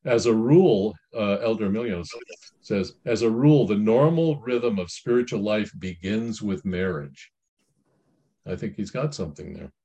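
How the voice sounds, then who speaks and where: A man's voice: on the low side, normal speed, dark tone, muffled recording. Rambling, folksy middle-aged man. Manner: rambling, folksy, with many restarts and asides. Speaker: speaker giving Christian family counsel. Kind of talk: informal spiritual talk, commenting on a reading.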